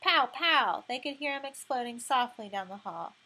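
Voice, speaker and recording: Woman narrating a story, slightly high voice. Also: low-quality recording. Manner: measured, expressive storytelling. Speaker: audiobook narrator. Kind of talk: audiobook narration.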